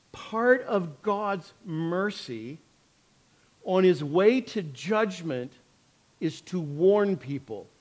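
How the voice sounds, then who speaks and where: High-voiced man preaching a sermon. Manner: conversational, earnest storytelling with quoted asides. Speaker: pastor.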